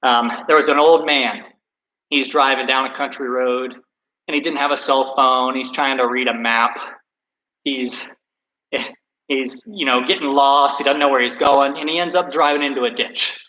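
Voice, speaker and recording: A man's voice: mid-range voice, steady tone, moderate pace, sharp tone, a little hiss or hum, low-quality recording. A man coaching a workout and telling a story, friendly and self-deprecating in a casual chatty way. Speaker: soccer coach.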